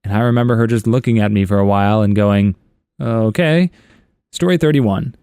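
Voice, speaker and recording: A man's voice: lowish voice, quick pace, dark tone, smooth, no room sound. Wry man reading stories, dry sound. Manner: chuckling, wry asides between stories. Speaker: story narrator. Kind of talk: reading internet stories aloud.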